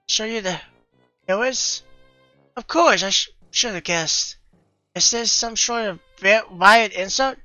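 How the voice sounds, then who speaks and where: A woman reading a visual novel aloud, voicing its dialogue in a lively, expressive way, on a dull lo-fi recording. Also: mid-range voice, no room sound, faint music behind. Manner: lively, expressive, quick to exasperation.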